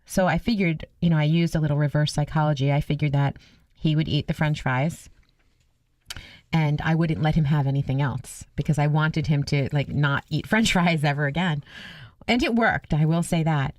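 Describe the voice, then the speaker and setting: A woman's voice: low voice, normal speed, no room sound. A middle-aged woman co-hosting a radio talk show, chatting casually, exclaiming often and telling stories.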